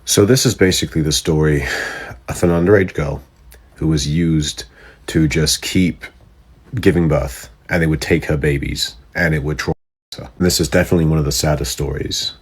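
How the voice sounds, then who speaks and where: A man with a very deep, husky voice speaks straight to his viewers. He explains things in a casual, direct way. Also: fairly even intonation, moderate pace.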